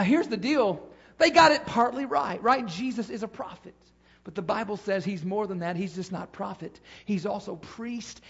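A man with a very high voice preaches a sermon. His cadence rises and falls as he repeats phrases for emphasis. The recording sounds muffled and lo-fi. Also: vocal fry, slightly rough. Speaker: pastor.

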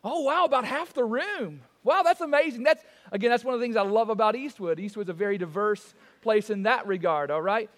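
A man's voice: high voice, brisk, a bit bright. A man from the American South, a pastor with a Southern US accent, preaching a folksy, joking, conversational sermon. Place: church sanctuary. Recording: long reverb of a church hall.

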